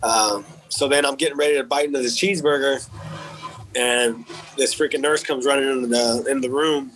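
A man's voice: mid-range voice, steady tone, normal speed, a bit bright, slight background noise, rough recording. A man and military veteran telling a personal story in a candid, casual way, swearing freely and dropping in words like "man" and "dude". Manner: candid and profane, with frequent fillers like "man" and "dude".

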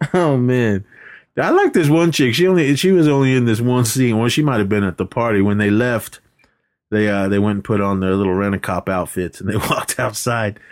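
A man co-hosting a podcast, casually retelling movie scenes, laughing a lot and acting out quotes in a raised voice. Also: normal speed. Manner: laughs constantly, acts out quotes in a high voice. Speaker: podcast co-host. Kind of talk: casual movie recap chat.

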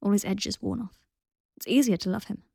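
A weary young man, sad and tender, speaking in quiet, subdued lines, as a woman reads him aloud. The voice has a gravelly touch and a dry, close sound. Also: medium pitch, fairly quick, no room sound. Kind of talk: audiobook reading.

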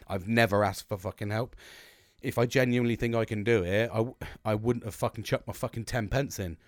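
A man's voice: lowish voice, a little fast, no echo, studio quality. A middle-aged man, ranting in a sweary, rambling monologue with bursts of laughter. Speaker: podcast host.

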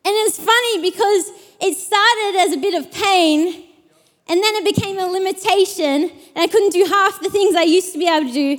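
A young adult woman preaching a sermon, reading scripture and telling a personal story in a lively, chatty way with many fillers. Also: extremely high pitch, normal speed. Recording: long hall reverb.

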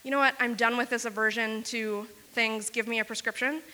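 A woman from Wisconsin telling a self-mocking story on stage, fast and full of "like". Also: a little high, fairly even intonation, bright, forceful tone, long reverb tail. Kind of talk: live comic storytelling.

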